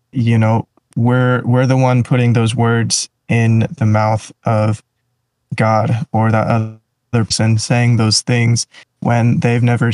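A man's voice: medium pitch, a little mellow, no room sound, low-quality recording. A man in a casual faith conversation, speaking reflectively with restarts and trailing phrases.

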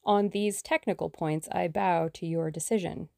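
A lazy young man and dry joker from a storybook, as a woman reader voices him. He speaks in a teasing, mock-formal way in a dark, gravelly tone. The sound is dry and close. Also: fairly low pitch, steady tone, moderate pace, dry recording.

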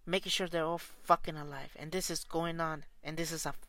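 A man's voice: on the high side, fairly even intonation, fairly quick, bright, forceful tone, dry recording. A man who coaches soccer, delivering an angry, profane and repetitive spoken rant.

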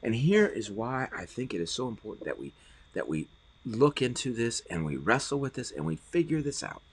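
Man, pastor, podcast sermon, earnest, repeats words, husky tone, animated intonation. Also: mid-range voice, moderate pace. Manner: earnest, repeats words when stressing points.

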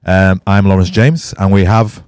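A man from hosting a casual podcast, chatty and laughing often, his voice a little croaky. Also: sits low, fairly even intonation, moderate pace, darkish tone, no room sound, clean studio sound. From England. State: slightly croaky after a night out. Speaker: podcast host. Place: music studio.

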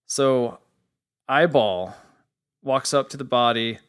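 A man co-hosting a casual podcast, telling a story with animated, profane energy. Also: mid-range voice, slow pace, smooth. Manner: animated storyteller, swears freely. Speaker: podcast co-host.

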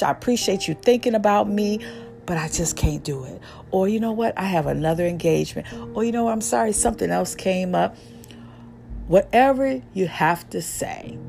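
A woman's voice: mid-range voice, a little mellow. A woman hosting a solo advice podcast, chatty and preachy, talking straight to her listeners. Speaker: podcast host.

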